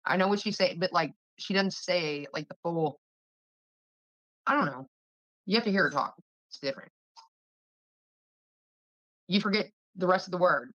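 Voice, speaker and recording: A woman's voice: lowish voice, expressive, a little slow, long pauses, fairly bright tone, no echo, dull audio. A woman chatting casually and rambling, laughing and swearing as she talks. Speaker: streamer chatting with viewers. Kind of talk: casual livestream chat.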